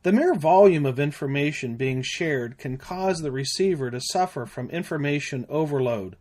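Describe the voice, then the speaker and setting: A man narrating a scripted safety lesson in a measured, deliberate way. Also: a little high, lively intonation, darkish tone. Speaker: safety trainer.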